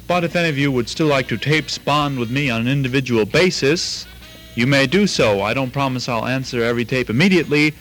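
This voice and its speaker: A man's voice: mid-range voice, a bit bright. A man in the middle of his range, hosting a home-made tape fanzine with plain, earnest announcements. Faint music sits under his voice. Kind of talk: casual taped introduction.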